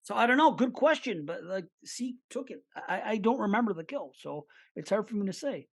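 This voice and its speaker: Male podcast co-host, easygoing, thinks out loud, casual chat. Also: high voice, lively intonation, a little fast, gravelly.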